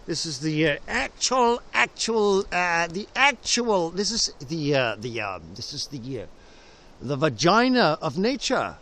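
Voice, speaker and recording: High, lively man rambling in a forest. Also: unhurried. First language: Danish. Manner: whimsical, punning, full of restarts. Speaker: vlogger. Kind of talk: rambling improvised monologue. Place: outdoors in a forest. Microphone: handheld camera, sometimes left on a tree.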